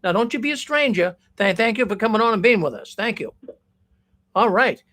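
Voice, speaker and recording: A man's voice: high-pitched, lively intonation, a little fast, pushed and bright. A man hosting a call-in show, talking in a folksy, casual way and thanking callers. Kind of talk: casual call-in radio talk.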